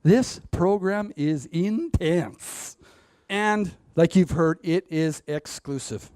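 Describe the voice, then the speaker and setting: A man's voice: high voice, expressive, slow, a little mellow, no room sound, clean studio sound. A man giving a motivational stage talk, speaking straight to the audience and laughing at his own jokes. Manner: addresses the audience directly. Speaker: public speaker.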